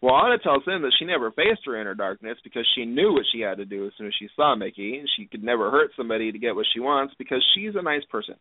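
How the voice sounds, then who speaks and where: Talking fast with few pauses, a podcast co-host with a medium-pitched, lively voice recaps a TV episode at length. The casual, playful chat comes through a tinny phone-like line carrying a faint hiss.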